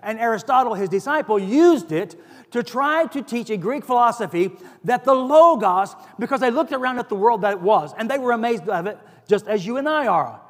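Man preaching, high voice, earnest, emphatic on key words, long hall echo. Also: lively intonation, brisk. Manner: earnest, rising to emphatic stress on key phrases. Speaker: pastor. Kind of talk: sermon.

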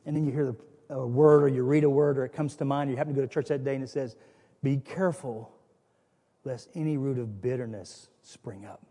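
A man preaching a sermon as pastor, with animated storytelling that acts out scenes. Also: medium pitch, fairly quick. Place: church. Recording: long reverb of a church hall.

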